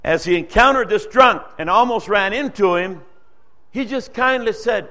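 A man preaching a sermon, telling a testimony story in an earnest, storytelling way, his voice rising and falling. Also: normal speed. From Dutch-speaking background. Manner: earnest storytelling preacher, rises and drops in pitch and loudness.

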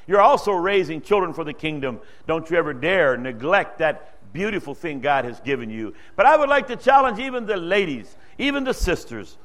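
High-pitched guy preaching a sermon, earnest, storytelling, lots of ups and downs. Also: expressive, normal speed, hardly any pauses, fairly bright tone. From Dutch-speaking background.

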